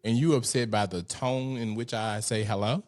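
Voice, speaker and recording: A man's voice: on the low side, steady tone, normal speed, darkish tone. A man co-hosting a podcast, reacting in blunt, profane casual chat and laughing a lot.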